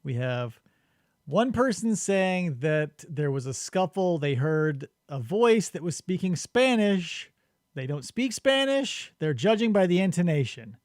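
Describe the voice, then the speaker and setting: Brief: male podcast co-host, high lively voice, dry close sound, comic riffing. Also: unhurried, dry recording. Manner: animated, swearing, acts out witness quotes. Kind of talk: casual comedic book discussion.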